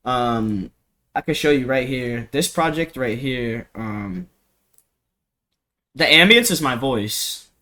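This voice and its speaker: A man's voice: mid-range voice, animated, slow, long pauses, bright, forceful tone. A young man giving a casual, rambling music production tutorial at home, full of slang, fillers and swearing, into a cheap desk mic. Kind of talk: casual screen-recorded tutorial.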